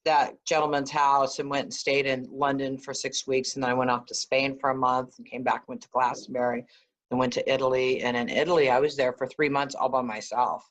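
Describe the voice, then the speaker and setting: A woman guest, an energy healer, telling stories in a conversational interview, animated and often laughing. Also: a bass voice, brisk. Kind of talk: conversational storytelling.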